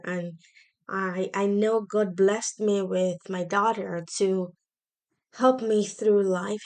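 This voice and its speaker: A woman's voice: mid-range voice, darkish tone. An earnest woman in her thirties talks into the mic from her home office in a casual solo podcast. Her voice sits in a mid range, and she speaks in an encouraging, faith-tinged way. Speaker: podcast host.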